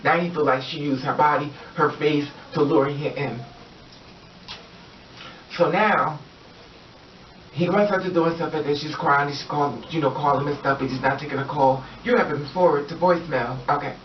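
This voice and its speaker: A man's voice: fairly high pitch, fairly even intonation, moderate pace, long pauses, slight background noise. A man telling a story in a casual vlog, rambling with many fillers and acting out what the people in it say. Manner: rambling, repetitive, with many fillers and acted-out quotes. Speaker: vlogger. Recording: distant, roomy, dull lo-fi sound.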